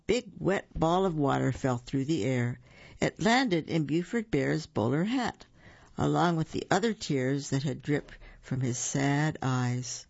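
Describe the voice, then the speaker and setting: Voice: mid-range voice, vocal fry, a little mellow, no echo, highs cut off. A storyteller reading children's stories aloud and explaining the lesson afterwards.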